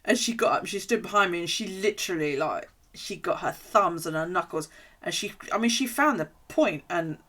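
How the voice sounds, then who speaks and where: Woman streamer, low-pitched, rambling chatter, salty language. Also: lively intonation, moderate pace, fairly bright tone. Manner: chatty, rambling storyteller who swears freely. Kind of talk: casual chat while journaling on stream.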